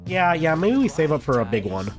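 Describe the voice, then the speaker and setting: A man's voice: on the high side, big pitch swings, a little fast, soft background music. A man streaming a video game, giving casual let's-play commentary, chatty and thinking aloud, laughing at himself. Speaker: gaming streamer.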